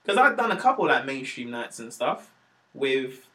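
A man's voice: medium pitch, moderate pace. A male stand-up comedian, talking casually in a podcast interview and acting out the voices of people in his stories. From Wales. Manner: animated storyteller, acts out quoted voices.

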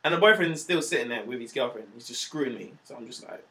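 A young man, a stand-up comedian chatting casually and telling animated, slangy stories, acting out the voices of the people in them. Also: medium pitch, fast. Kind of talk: casual storytelling chat.

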